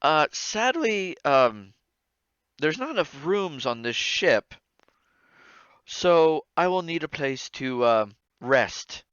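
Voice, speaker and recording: A man's voice: fairly high pitch, animated, takes it slowly, fairly bright tone, clean tone, dry recording, dull audio. A man voicing an adult woman who employs the party, speaking politely with hesitations.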